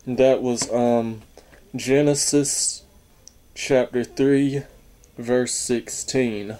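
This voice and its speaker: A man talking casually and haltingly as he reviews a coin, stopping to correct himself. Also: mid-range voice, steady tone, warm tone. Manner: slow, halting, unsure talk with fillers and self-corrections.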